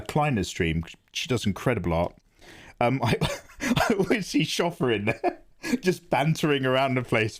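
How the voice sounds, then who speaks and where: A man streaming live art who chats casually with viewers in a rambling, animated way and often laughs. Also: medium pitch. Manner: animated, rambling, laughs into his own impressions. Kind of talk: casual livestream chat.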